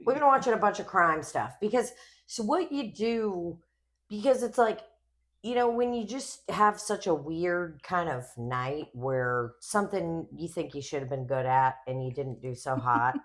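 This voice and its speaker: With a voice on the low side and a slightly slow delivery, this young podcast co-host wanders through casual stories, cursing often and telling them with plenty of animation.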